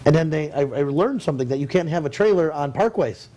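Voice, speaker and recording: A man with a fairly high voice hosts a relaxed talk show. He tells stories with energy and acts out the people he quotes. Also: quick pace. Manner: animated storyteller, acts out quotes. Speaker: host. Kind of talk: casual chat.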